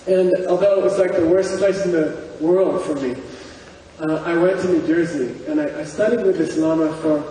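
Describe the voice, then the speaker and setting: A man's voice: a little high, steady tone, normal speed, warm tone. A middle-aged man, a spiritual teacher, tells chatty, self-mocking stories to an audience in a public talk. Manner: chatty, self-mocking storytelling with many "you know"s. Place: large hall before an audience. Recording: echoey hall from far off, faint noise.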